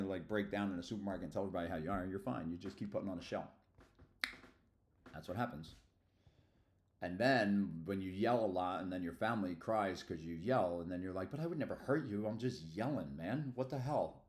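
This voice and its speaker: A middle-aged man from Philadelphia, rambling and slangy in casual livestream chat. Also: low-pitched. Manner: rambling and slangy, loose asides. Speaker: streamer.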